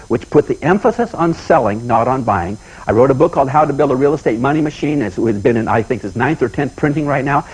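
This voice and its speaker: A man from the United States giving a motivational talk, in the manner of a folksy storyteller. His speech comes quickly and his voice is husky. He is animated and often circles back to repeat a point. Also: medium pitch, low-quality recording. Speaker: seminar speaker.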